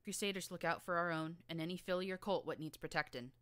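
A woman voicing a tough, streetwise young filly gang leader with a rough rural drawl and a blunt, slangy manner. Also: on the low side, quick pace, a bit bright, dry recording, close to an everyday voice.

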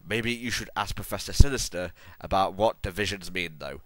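A man's voice: deep voice, moderate pace, no room sound, close to an everyday voice. A man voicing a friendly gothic girl ghost in a comedic dramatic reading, speaking reassuringly. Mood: soothing.

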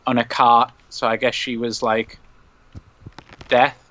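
A man's voice: mid-range voice, level tone, slow, bright, forceful tone, no room sound. A man co-hosting a podcast, chatting casually while gaming, laughing, swearing and rambling. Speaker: podcast co-host. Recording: dull lo-fi mic.

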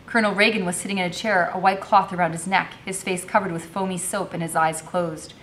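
Woman, lowish voice, reading a novel aloud, expressive narration. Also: brisk, slight background noise.

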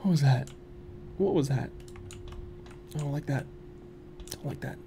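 Speaking unhurriedly in a mid-range voice, a young let's play streamer works through a horror game on his channel, with background noise audible despite the studio microphone. He mutters anxiously to himself and bursts into squeals and laughs.

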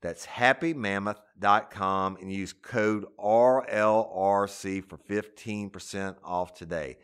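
A man reading a scripted ad in a smooth, persuasive manner. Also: on the low side, fairly even intonation, takes it slowly, a bit bright. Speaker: ad reader. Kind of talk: scripted ad read.

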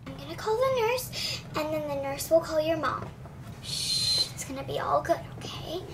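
A woman's voice: sits high, lively intonation, moderate pace, gravelly, noisy background. A woman voicing a kind, busy daycare teacher doll in doll play, chatty and soothing toward the children. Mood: worried.

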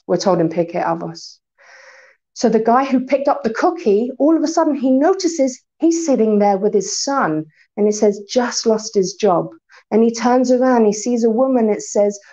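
A woman's voice: a little high, dull audio. Woman telling a story in a community talk. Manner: animated storytelling. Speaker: speaker.

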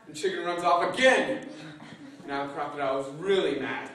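A man telling a folk tale live to an audience in a playful, animated way, adding sound effects. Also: sits high, moderate pace. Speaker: storyteller. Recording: echoey room from far off, faint noise.

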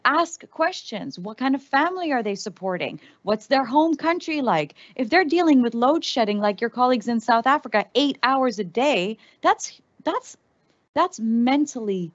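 An American woman speaks to a room in a workshop talk, her voice sitting a little high for a woman. She talks in a loose, conversational way and turns straight to her listeners. The recording is dull and somewhat lo-fi. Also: no echo. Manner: conversational, addresses the audience directly. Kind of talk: corporate diversity talk to a live audience.

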